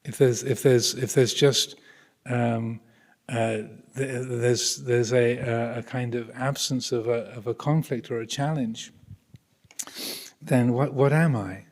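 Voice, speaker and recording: Man, Buddhist teacher, mid-pitch, halting thoughtful delivery, long reverb of a monastery hall. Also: steady tone, darkish tone. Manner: thoughtful, hesitant, many restarts. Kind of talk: Dharma talk to visitors.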